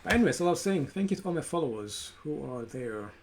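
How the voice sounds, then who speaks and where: A man's voice: fairly high pitch, very animated, fast, a little hiss or hum. A man hosting a live stream, thanking his followers at length and stumbling over their names. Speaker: host.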